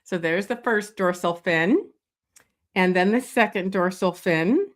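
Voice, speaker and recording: A woman leading a live drawing lesson, talking slowly and thinking aloud as she sketches, with many pauses and fillers. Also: mid-range voice. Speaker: drawing instructor. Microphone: streaming setup.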